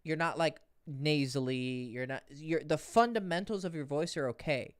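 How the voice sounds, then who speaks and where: A man's voice: a little high, normal speed, dry recording, studio quality. A man coaching dating on a livestream Q&A, blunt and profane, swinging his voice up and down to show how rhythm works.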